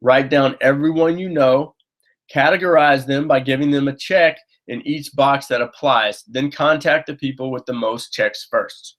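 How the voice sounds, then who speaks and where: A man's voice: mid-range voice, moderate pace, a bit bright. A man leading a team training session, urging his listeners on, often checking in with "okay?" and restarting his phrases. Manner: coaching, keeps checking in with "okay?"; upbeat and urging. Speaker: sales trainer.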